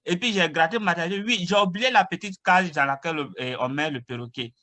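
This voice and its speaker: A man interpreting, recapping a told joke at quick speed. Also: on the high side, sharp tone. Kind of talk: retelling a joke in French.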